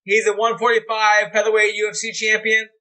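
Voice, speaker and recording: A man's voice: high voice, completely flat delivery, a little fast, bright, forceful tone. A man hosting a podcast, blunt and teasing, swearing freely in casual chat. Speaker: podcast host.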